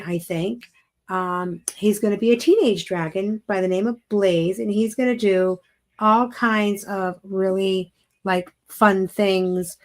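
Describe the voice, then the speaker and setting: Teacher lady gushing about her students' books, rambly with lots of ums, mid-pitched. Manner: enthusiastic, rambling storyteller with fillers. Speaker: teacher and show co-host. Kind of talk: casual live-stream chat.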